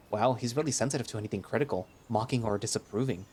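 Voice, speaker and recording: A man narrating a first-person audio drama in a wry, expressive way. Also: medium pitch, quick pace, few pauses, slightly rough. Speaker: narrator and lead voice.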